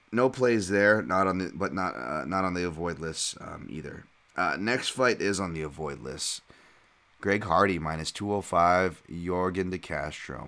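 Male podcast host, low voice, loose and chatty fight analysis. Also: a bit bright. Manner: chatty, slangy, addresses listeners as folks.

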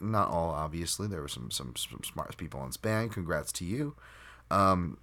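A man with a deep, low-pitched voice hosts a solo podcast, talking off the cuff. He rambles, restarts his sentences and fills gaps with ums and you-knows. He is quick to make fun of himself. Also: animated, gravelly, pushed and bright. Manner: rambling, self-deprecating, full of fillers and restarts. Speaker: podcast host. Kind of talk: solo unscripted podcast talk.

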